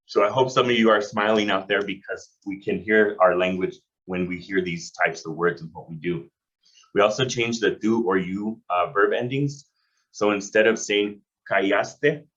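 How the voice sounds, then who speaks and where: A man's voice: deep voice, a bit bright. A man giving a public lecture, explaining things steadily and often restarting his phrases. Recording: dull, lo-fi lecture recording.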